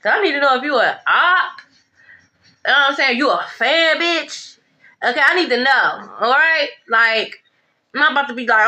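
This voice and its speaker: A high-voiced woman runs through a casual tarot reading. Her tone is bright and sharp, and her delivery is blunt, emphatic and full of profanity. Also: expressive, moderate pace. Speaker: tarot reader.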